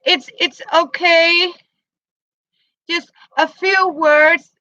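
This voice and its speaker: A woman whose first language is Danish, showing her handmade boots and materials in halting, hesitant English with many pauses to search for words. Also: very high-pitched, fairly even intonation, pushed and bright, dry recording, dull audio. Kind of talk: casual show-and-tell.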